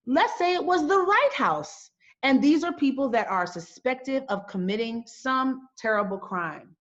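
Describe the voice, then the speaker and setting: A woman's voice: sits high, animated, unhurried. A middle-aged woman speaking to an audience, emphatic and full of rhetorical questions that she often repeats. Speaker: founder and host giving a talk. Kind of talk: impassioned talk to an audience. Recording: dull lo-fi sound.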